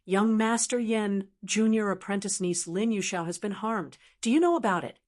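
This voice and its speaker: A woman's voice: mid-range voice, moderate pace, a little mellow, lightly acted. A woman voicing a worried sect elder. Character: worried middle-aged male sect elder.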